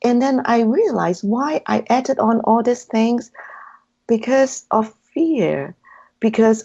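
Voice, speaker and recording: A woman's voice: fairly high pitch, takes it slowly, mellow, husky. A woman guest in an interview, earnestly telling her story and acting out her own inner dialogue in a dull, lo-fi recording. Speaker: hypnotherapy practitioner, guest.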